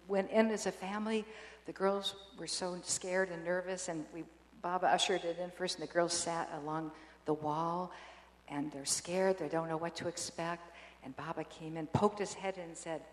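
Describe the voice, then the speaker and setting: A woman's voice: fairly low pitch, steady tone. Earnest woman telling stories in an echoing hall. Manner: halting, many restarts, devout and earnest. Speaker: guest sharing family memories. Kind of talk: casual storytelling. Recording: roomy hall with long reverb.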